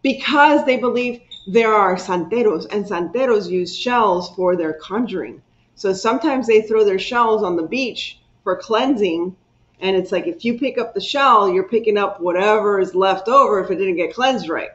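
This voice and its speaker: A woman's voice: medium pitch, normal speed. A woman hosting a casual craft livestream, chatting and repeating herself as she reads viewer comments aloud. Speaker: craft channel host. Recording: muffled lo-fi stream audio.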